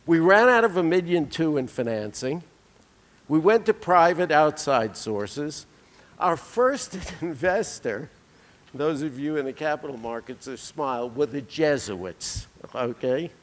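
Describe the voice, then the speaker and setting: A man's voice: on the high side, lively intonation, measured pace. A man delivering a conference keynote, telling anecdotes with dry humor. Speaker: keynote speaker. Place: conference hall. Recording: reverberant lecture hall.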